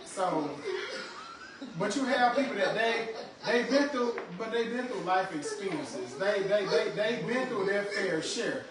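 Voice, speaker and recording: High-voiced joking man in echoey room. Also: expressive, unhurried, crowd noise. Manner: loud, joking, profane, repeats himself. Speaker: podcast co-host. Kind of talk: casual chat. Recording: echoey room, far from mic, noisy.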